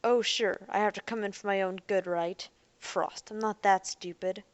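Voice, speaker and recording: A woman voicing a defensive, boastful young man in a robot body who is quick to shout. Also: medium pitch, fairly even intonation, smooth, no room sound, natural voice. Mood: agitated.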